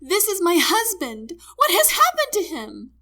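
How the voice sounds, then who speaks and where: A woman voicing a crying, hysterical wife whose voice shrieks and jumps high. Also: huge pitch swings, unhurried, bright, forceful tone, full character voice. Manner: shrill, sobbing, voice jumping high.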